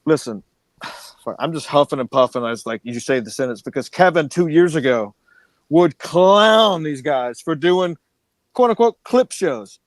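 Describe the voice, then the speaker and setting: A man co-hosting a podcast who rants quickly and swears freely. His voice sits a little high for a man, and the dry, close recording has no room sound. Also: lively intonation, dry recording. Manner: fast, ranting, profane. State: angry. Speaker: podcast co-host. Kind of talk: casual profane podcast banter.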